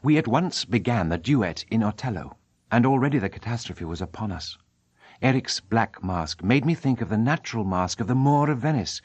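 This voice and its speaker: A man narrating an audiobook in a measured, dramatic reading style. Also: mid-range voice, lively intonation, darkish tone, slightly rough, no echo, muffled recording. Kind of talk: scripted narration.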